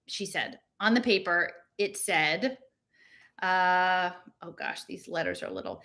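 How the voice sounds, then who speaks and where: Bright-voiced woman reading a novel aloud. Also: on the low side, wildly swooping pitch, unhurried. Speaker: reader.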